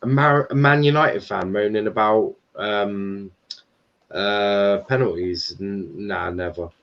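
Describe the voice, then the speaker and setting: Low-voiced man hosting a football stream. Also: takes it slowly, highs cut off. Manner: loose banter with swearing and restarts. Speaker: stream host. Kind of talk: casual football chat.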